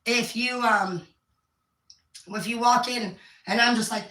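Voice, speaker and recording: A woman's voice: fairly high pitch, steady tone, brisk, long pauses, bright, forceful tone, echoey room, recorded from a distance, poor audio. A woman giving candid, profane advice in a casual monologue, acting out other people's lines. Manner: candid and profane, acts out quoted voices. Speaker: speaker giving life advice.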